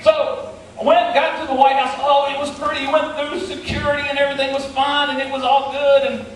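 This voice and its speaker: This storyteller is a middle-aged man with a West Virginian Appalachian accent, and his voice is very high-pitched, with little pitch movement and a slightly fast pace. He tells a humorous tall tale in a playful, folksy, self-deprecating style. The far-off mic catches an echoey hall and a little hiss or hum.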